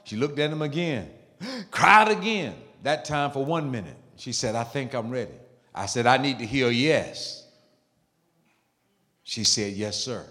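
A man preaching a sermon in an emphatic way, dropping to low murmurs and rising to loud high bursts. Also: lively intonation, a little slow, pauses often. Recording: long hall reverb.

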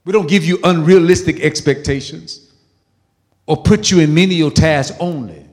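A male pastor with a high voice preaching in a church with a long, ringing reverb. He hammers points home by repeating phrases and swings between loud bursts and soft asides. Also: moderate pace. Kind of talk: sermon.

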